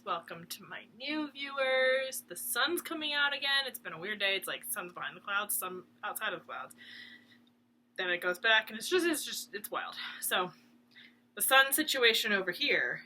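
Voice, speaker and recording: Young woman, casual rambling chat, laughs often, crisp bright tone, faint noise behind. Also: mid-range voice. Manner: chatty, laughs often, talks to her dog. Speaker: cross stitch channel host. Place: room at home.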